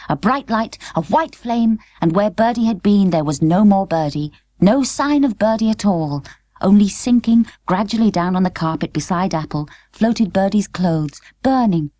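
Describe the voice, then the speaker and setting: A woman narrating an unabridged children's book in clear, measured storytelling. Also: mid-range voice, expressive, dark tone, no echo. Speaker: audiobook narrator. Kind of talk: scripted narration.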